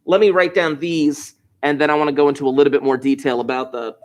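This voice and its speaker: A middle-aged man from New Jersey, a high school math teacher giving a classroom lecture full of chatty, enthusiastic asides. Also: fairly even intonation, fast talker.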